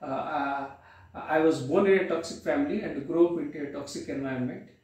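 A man giving a motivational talk to camera, halting, with many pauses and filler sounds and repeated words as he restarts. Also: a little high, a little mellow. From India. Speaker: vlogger. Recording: very echoey room, distant from the mic.

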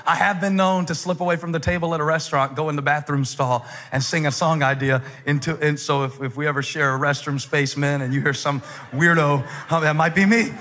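A man in his forties preaching a sermon as a pastor, telling stories with humor and building up to shouted climaxes. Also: a little high, fairly even intonation, brisk, few pauses, long reverb tail. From United States. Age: 40s.

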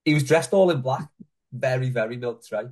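At a medium pitch and normal speed, a man with a slightly mellow voice hosts a laid-back football fan podcast. His style is chatty, and he regularly passes the conversation over to the others on the show.

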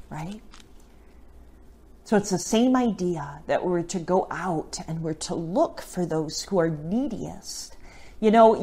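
A woman's voice: fairly low pitch, a little mellow. A middle-aged woman, a Catholic missionary, giving an informal teaching talk on scripture and often checking in with the listener. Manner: conversational, often checks in with a tag question.

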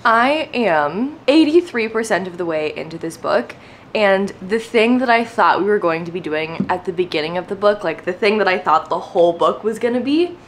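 A woman's voice: mid-range voice, normal speed, a little hiss or hum. Young female book vlogger, casual and emphatic, frustrated ranting delivery. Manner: exasperated, emphatic, animated ranting. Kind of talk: casual vlog rant.

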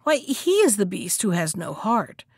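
A woman voicing a clever male monkey who talks with breezy, mocking calm in a storybook reading. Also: medium pitch, a little slow, slightly rough, no echo, clean studio sound, heavily acted. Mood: teasing.

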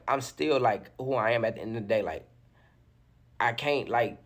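A young man with a husky, slightly breathy voice tells a story in a casual, animated way. He talks in loose slang and keeps the tale rolling with constant fillers, at a middling pitch. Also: moderate pace. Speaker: storyteller in a played interview clip.

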